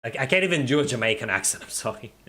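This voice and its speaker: A young man talking off the cuff on a live stream, answering chat with a mock-outraged, joking edge. His voice sits in an ordinary middle pitch. He laughs a lot and repeats words as he stumbles over his thoughts. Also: expressive, very fast, pushed and bright. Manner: jokey, laughs often, teasing viewers.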